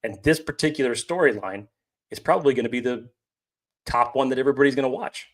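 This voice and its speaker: A man co-hosting a sports podcast, breaking down the roster in a measured, analytical way. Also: medium pitch, expressive. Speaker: podcast co-host. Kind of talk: casual sports podcast chat.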